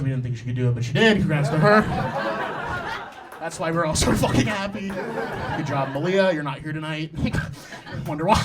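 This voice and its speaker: A young man in his twenties on a comedy club stage, delivering a stand-up set into a handheld mic. His voice sits a touch high, and he talks in an easy, conversational way. He slips between dry, deadpan asides and loud bursts where he laughs through his own lines. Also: background noise. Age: 20s. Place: comedy club stage before a live audience.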